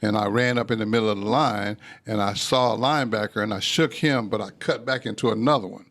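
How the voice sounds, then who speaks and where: An older man from Texas, telling animated stories as a podcast guest. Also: on the low side, fast talker. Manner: animated, acts out voices in anecdotes. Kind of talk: storytelling in casual conversation.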